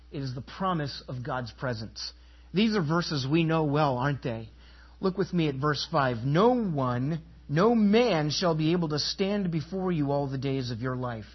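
A man preaching a sermon in a slightly raised, husky voice. He leans hard on key phrases and throws questions out to the congregation. The recording sounds dull and lo-fi. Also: on the high side. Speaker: pastor.

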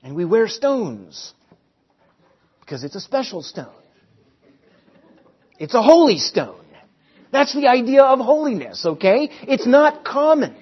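A man's voice: very high voice, sing-song, unhurried, long pauses, husky. A middle-aged man preaching a sermon, teaching earnestly and repeating key phrases for emphasis. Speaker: pastor. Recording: dull lo-fi recording.

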